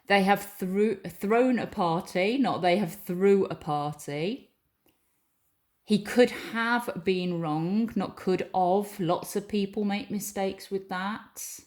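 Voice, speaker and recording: A woman's voice: medium pitch, slow pace. A woman teacher giving a recorded lesson, patiently reading example sentences aloud and explaining each one.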